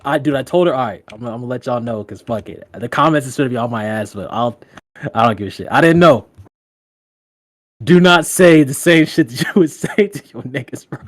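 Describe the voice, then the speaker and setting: A man on a podcast giving casual dating advice in loose, profane slang, laughing often and jumping up in pitch when he tells a story. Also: a little fast, no echo, studio quality. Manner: animated, with big jumps in pitch when telling stories. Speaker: podcast co-host.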